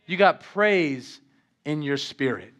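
A male pastor preaching an animated, conversational sermon in a church, acting out quotes from scripture. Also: fairly high pitch, takes it slowly. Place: church in Las Vegas.

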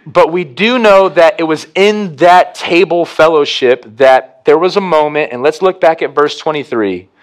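A pastor preaching a communion sermon, swinging from hushed to emphatic. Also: male voice, a little high.

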